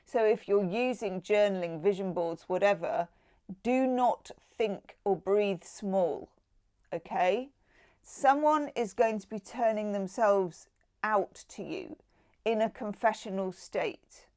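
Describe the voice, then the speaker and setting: A woman's voice: medium pitch, takes it slowly, dark tone. A middle-aged woman chatting casually through a tarot card reading, with exclaimed asides. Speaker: tarot reader.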